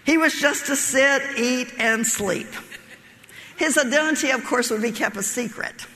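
A woman's voice: high voice, a little slow, pushed and bright, long reverb tail. A woman preaching a sermon, telling a folksy joke story and laughing at her own lines.

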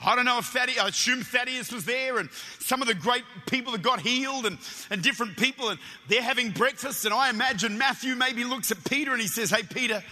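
A man from Australia with an Australian accent, preaching a lively sermon in a church, telling stories with excited stammered restarts. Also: very high-pitched, quick pace, big-room sound. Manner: energetic, animated storytelling with stammered restarts.

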